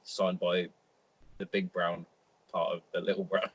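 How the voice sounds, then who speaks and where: A man's voice: low voice, level tone, a little slow, breathy edge, dry recording, muffled recording. A man hosting a podcast, teasing and joking freely with plenty of swearing. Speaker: podcast host. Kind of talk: casual podcast banter.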